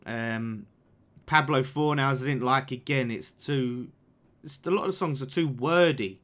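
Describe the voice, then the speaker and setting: A man's voice: mid-range voice, a little slow. A young man hosting a live football watchalong, reacting to the game, swearing and reading out viewer messages. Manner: chatty, swears, reacts loudly to the game and reads super chats. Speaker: fan channel watchalong host. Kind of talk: live match watchalong commentary.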